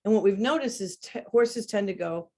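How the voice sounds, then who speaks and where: A woman teaching about horse behavior in a webinar conversation, talking in an animated way and demonstrating sounds as she explains. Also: mid-range voice, moderate pace.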